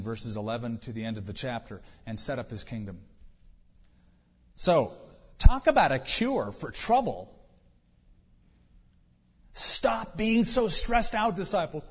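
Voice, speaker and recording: A male pastor preaches conversationally, asking rhetorical questions and dropping dry jokes. His voice is husky and mid-pitched. The recording sounds dull and lo-fi, with long reverb from a large hall. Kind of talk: sermon.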